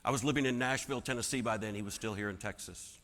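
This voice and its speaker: A man telling a personal story as a keynote speaker, dramatic and swinging from hushed to loud. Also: lowish voice, fast talker. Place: large conference hall. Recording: long hall reverb.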